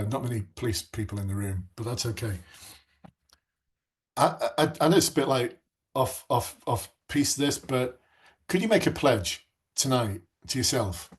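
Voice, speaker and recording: A man's voice: medium pitch, breathy edge. A man, coaching police recruits in a live online class and telling stories earnestly and passionately, with frequent restarts.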